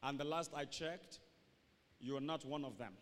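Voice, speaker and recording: A pastor preaching a sermon to his church, repeating key phrases and rising to shouts. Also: fairly high pitch, normal speed, big-room sound.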